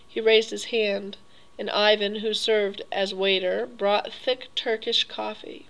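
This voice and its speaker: A woman narrating an audiobook in a measured, even storytelling voice. Her pitch sits in the middle range for a woman, and her delivery is steady and unhurried. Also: creaky, rough recording. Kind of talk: audiobook reading.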